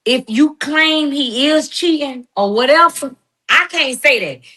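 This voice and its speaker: A middle-aged woman, a guest responding to critics, delivers a heated, emphatic monologue, confronting someone with slang and preachy turns. Her voice sits high and is bright and forceful, though unhurried.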